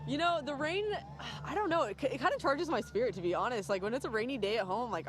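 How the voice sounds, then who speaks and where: Female athlete, quick bubbly talk, interviewed outside near traffic. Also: on the high side, lively intonation. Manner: bubbly, fast, full of fillers. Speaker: racing athlete. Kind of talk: outdoor interview. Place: outdoors at a race venue.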